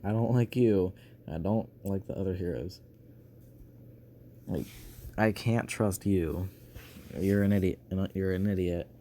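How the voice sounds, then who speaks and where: A man with a low, warm voice plays a laid-back young male slime hero who is cheeky and defiant. He talks casually and haltingly, packed with fillers, over a little hiss or hum.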